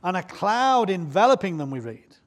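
A man's voice: high-pitched, big pitch swings, moderate pace. A man preaching a sermon in church, conversational and often putting questions to the congregation.

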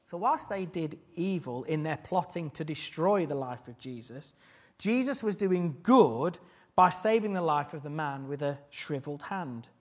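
A man's voice: on the high side, animated, unhurried. A man preaching a sermon, earnest and putting questions to the congregation.

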